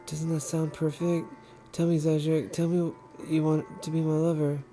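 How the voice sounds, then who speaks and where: A man's voice: a little high, completely flat delivery, moderate pace, warm tone, soft background music, pitched above the performer's own voice, close to an everyday voice. A man reading as an obsessive lovestruck girl. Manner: reading aloud in a plain voice. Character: obsessive lovestruck young woman, unhinged. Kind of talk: reading game dialogue aloud.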